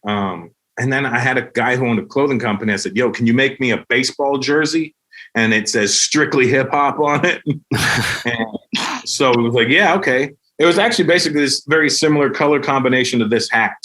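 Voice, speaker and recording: Animated storytelling man from Canada. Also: medium pitch, fairly quick. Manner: animated storyteller who acts out voices with lots of profanity. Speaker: guest comedian. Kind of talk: casual podcast conversation.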